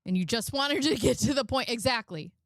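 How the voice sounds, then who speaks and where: A woman's voice: fairly high pitch, lively intonation, fairly quick, no room sound, studio quality. A woman hosting a commentary channel, reacting casually and skeptically with chatty asides.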